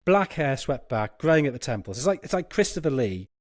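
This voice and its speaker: A man's voice: medium pitch, a little fast, no echo, studio quality. A man on a football podcast, telling a long funny anecdote and laughing as he goes. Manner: animated, laughing as he tells a story. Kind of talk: anecdotal storytelling.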